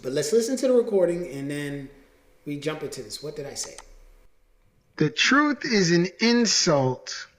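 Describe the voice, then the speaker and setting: A man's voice: fairly high pitch, sing-song, unhurried. A man talking casually in a vlog, repeating his points and tagging lines with "right?". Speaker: vlogger. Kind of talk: casual monologue to camera. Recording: roomy echo.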